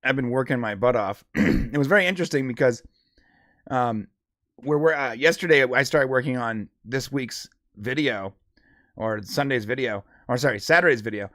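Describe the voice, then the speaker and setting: A man's voice: medium pitch, a bit bright, dry recording, studio quality. A man co-hosting a live podcast in casual chat, upbeat and chatty while sick with a cold. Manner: upbeat, chatty, quick laughs. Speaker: podcast co-host.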